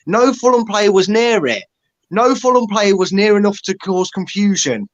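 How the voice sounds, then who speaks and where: Man, fairly high-pitched, angry blunt fan rant, sweary. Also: expressive, normal speed, dull audio. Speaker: football fan pundit.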